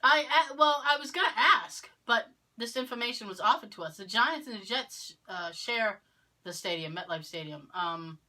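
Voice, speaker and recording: Podcast co-host, woman from Massachusetts, clear bright tone, a storyteller who acts out the other voices. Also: fairly high pitch, expressive, moderate pace. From Massachusetts, near Cape Cod. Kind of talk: casual chat.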